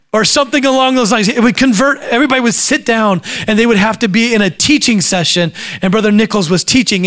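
A male preacher with a notably high-pitched voice delivers a sermon in storytelling form. He acts out the voices of the people in his stories as he goes. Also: fairly bright tone. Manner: acts out quoted voices while telling stories.

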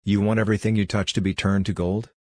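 A man voicing a calm, powerful male god in a storybook, speaking slowly and measuredly in a deep, husky voice. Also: dry recording, natural voice. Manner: slow and measured.

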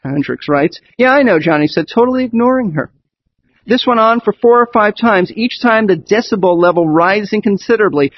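High husky-voiced male preacher. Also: lively intonation, a little fast. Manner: earnest, repeats key points for emphasis. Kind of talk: sermon. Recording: dull lo-fi recording.

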